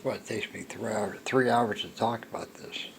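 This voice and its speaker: An older man telling a personal story in a slow, rambling monologue, halting with restarts. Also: fairly low pitch, fairly even intonation, vocal fry, a little hiss or hum. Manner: halting, with restarts and soft laughs. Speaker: storyteller recounting a personal encounter.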